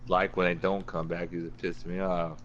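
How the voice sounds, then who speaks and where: A man's voice: low voice, little pitch movement, moderate pace, highs cut off, a little hiss or hum. A man co-hosting a podcast, talking in a crude, laid-back way in casual chat. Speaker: podcast co-host.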